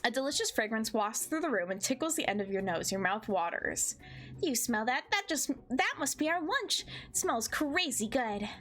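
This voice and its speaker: Young woman streamer, giggly, reads the game's narration over soft music. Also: fairly high pitch, moderate pace. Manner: giggly, excitable, joking. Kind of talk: game playthrough with narration and commentary.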